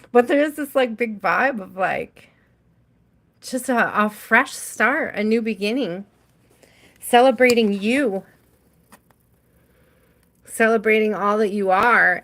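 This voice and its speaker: A woman's voice: mid-range voice, fairly bright tone. A woman hosting a live tarot stream, reading cards for viewers by name in a chatty way and laughing often.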